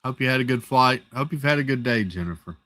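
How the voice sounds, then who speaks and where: A man hosts a relaxed live stream at a middle pitch and works through his chat, greeting viewers by name. He rambles a little and jokes along the way, a bit worn down by a headache. His voice sounds close and dry. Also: fast, dry recording. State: has a headache.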